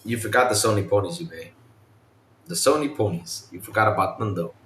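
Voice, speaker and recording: A man hosting a casual gaming podcast, animated, imitating game sounds and swearing casually. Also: lowish voice, a little fast, reverberant, slight background noise. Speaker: podcast host.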